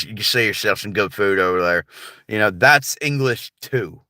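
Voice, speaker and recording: An American man with a General American accent chats casually on a livestream, laid-back and rambling, with plenty of filler words. His voice is on the low side, bright and forceful, at a moderate pace, in a dry, studio-quality recording.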